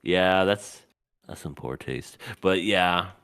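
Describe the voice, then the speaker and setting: A man co-hosting a casual podcast chat, animated, often jumping into high mock voices for laughs. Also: slow pace, clean tone. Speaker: podcast co-host.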